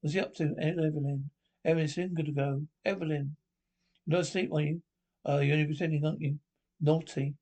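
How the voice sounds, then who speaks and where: A fussy, prim professor of birds who wheedles and flusters in the coy manner of a 1970s film comedy. His voice sits a touch high for a man, with a gravelly catch at the edges. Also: steady tone, fast, darkish tone. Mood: coy, wheedling. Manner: coy, flustered and fussily polite. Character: fussy, prim middle-aged male bird professor. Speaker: ornithologist on an expedition.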